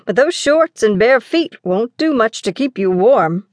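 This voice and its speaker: A woman voicing a cautious, responsible boy prince who looks out for his younger brother and talks in a steady, reasoning way. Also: a little high, unhurried, no room sound, studio quality, pitched above the performer's own voice.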